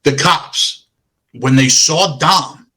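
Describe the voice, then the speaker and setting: Man, podcast co-host, husky voice, casual movie review, enthusiastic, laughs a lot. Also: fairly high pitch, very slow, sharp tone.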